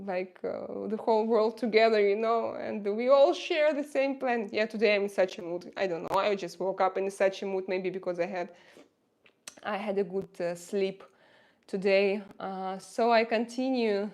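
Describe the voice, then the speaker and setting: A woman with a Russian accent, a native Russian speaker, chatting casually with her livestream viewers, often pausing to search for English words. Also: mid-range voice, steady tone, a little mellow. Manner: hesitant, searching for words with many fillers. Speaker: livestream host reading viewer chat.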